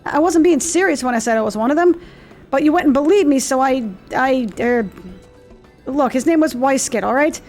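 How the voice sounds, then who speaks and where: A woman voicing a young man in a video game who begs forgiveness for lying, slipping into a rough accent. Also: high voice, darkish tone, faint music behind. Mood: wheedling. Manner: pleading, rushed excuses, slips into a rough accent.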